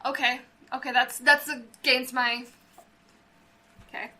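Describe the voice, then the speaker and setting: A woman's voice: high-pitched, little pitch movement, sharp tone. A woman playing a tabletop role-playing game, chatty and playful as she describes what her character does. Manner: chatty, playful, quick to laugh. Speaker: player. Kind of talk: casual tabletop play.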